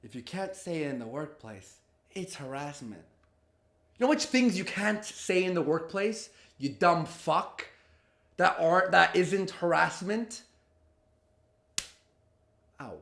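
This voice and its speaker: A man with a high voice rants through a reaction commentary, exasperated and profane. He mocks what he hears. The room around him rings with echo. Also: animated, slow pace, gravelly, long pauses, a bit bright. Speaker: commentary host. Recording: roomy echo.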